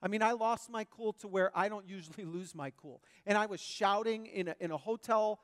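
A male pastor preaching a sermon, animated, swinging between loud emphasis and quiet asides. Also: sits high, brisk, big-room sound.

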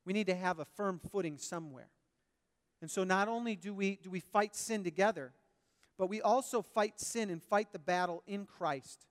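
A male pastor preaching a sermon, animated, swinging between loud emphasis and quiet asides. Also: high voice, normal speed, long reverb tail.

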